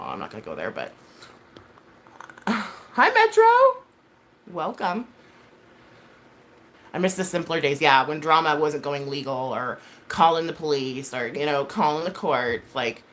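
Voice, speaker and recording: A woman in her thirties with a low-pitched, slightly bright voice hosts a live stream, with a little hiss or hum in the audio. She chats casually with viewers, rambling and blunt, swearing heavily and filling her talk with fillers and self-corrections.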